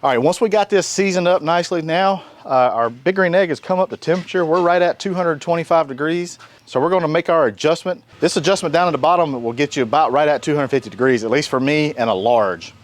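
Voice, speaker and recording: A man's voice: on the high side, fast. A man from North Carolina, hosting a casual outdoor cooking demo in a folksy, joking way. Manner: folksy, jokey, animated. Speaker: cooking show host. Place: outdoors by a grill.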